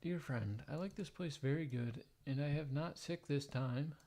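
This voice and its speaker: A man livestreaming, reading old letters aloud in a plain, halting way, breaking off for blunt, profane joking asides. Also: fairly high pitch, a little mellow. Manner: plain, halting read-aloud delivery, stumbling and restarting over odd wording.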